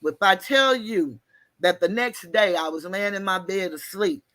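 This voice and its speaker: A woman telling a story in an animated, folksy way, mixing slang and cussing. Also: mid-range voice, measured pace, no room sound. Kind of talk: casual storytelling.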